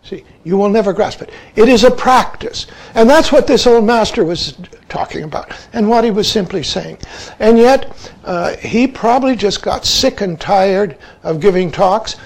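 A man's voice: high-pitched, normal speed, rough recording. A man, a Zen teacher, giving an emphatic dharma talk and often saying "see" as a verbal tic.

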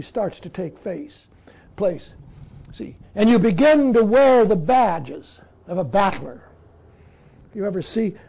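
Gravelly, high-voiced man giving a dharma talk. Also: darkish tone. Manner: halting, peppered with "see?". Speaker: Zen teacher.

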